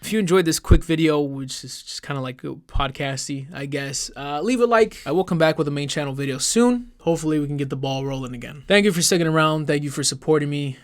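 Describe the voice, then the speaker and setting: A man's voice: fairly high pitch, quick pace, hardly any pauses. A man delivering an angry, sarcastic YouTube commentary rant, swearing heavily.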